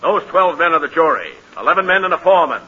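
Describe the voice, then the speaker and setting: A pompous judge, sharp and high, on dull old hissy radio. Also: male voice, very animated, fast talker, slightly rough, exaggerated voice. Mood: stern. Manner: pompous, scolding. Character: stern pompous male judge. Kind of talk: 1940s radio comedy acting.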